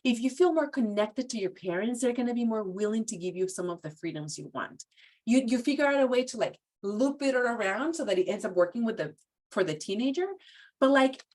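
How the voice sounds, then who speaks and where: At a professional training, a woman presents in a conversational, casual style peppered with "like" and "you know." Her voice is medium in pitch with a somewhat dark tone.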